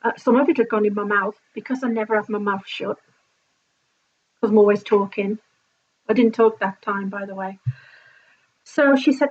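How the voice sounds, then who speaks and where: A woman vlogger telling a story in an animated, indignant way, swearing freely. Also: mid-range voice, normal speed, pauses often. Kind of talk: casual storytime vlog. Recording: slightly dull lo-fi sound.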